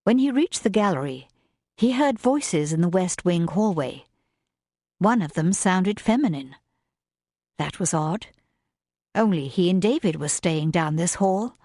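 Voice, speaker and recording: Woman reading a romance audiobook, low-ish voice, slow and steady, dry close sound. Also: dry recording. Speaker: audiobook narrator. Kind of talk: scripted narration.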